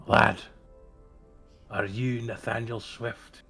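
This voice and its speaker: A man's voice: lowish voice, flat delivery, takes it slowly, creaky, bright, forceful tone, soft background music, exaggerated voice. A man voicing an older adventurer in a tabletop game who talks bluntly and calls people lad. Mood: serious. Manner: blunt, folksy. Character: gruff older male adventurer calling others lad.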